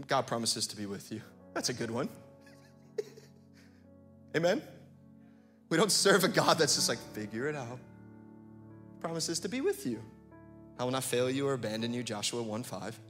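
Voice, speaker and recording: A man preaching a sermon, reading scripture and talking to the congregation, building to impassioned, near-shouted calls. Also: fairly high pitch. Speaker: pastor.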